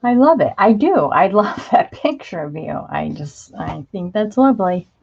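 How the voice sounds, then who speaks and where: A woman's voice: mid-range voice, expressive, moderate pace, gravelly, a little mellow, husky, muffled recording. A woman hosting a crafting livestream, chatting casually and gushing as she greets viewers by name and shows craft supplies. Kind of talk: casual live chat while showing craft supplies.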